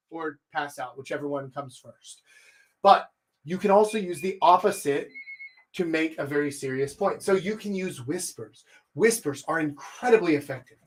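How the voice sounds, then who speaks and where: The speaker is a Texan in his thirties or beyond, coaching on dating during a live stream at a moderate pace. Blunt and lively, he varies his pitch and loudness to show what he means.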